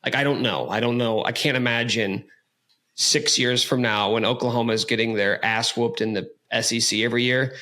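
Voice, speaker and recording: A man hosting a casual sports podcast, talking in an energetic, joking way. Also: medium pitch, brisk. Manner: energetic, hyped, jokey. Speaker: podcast host.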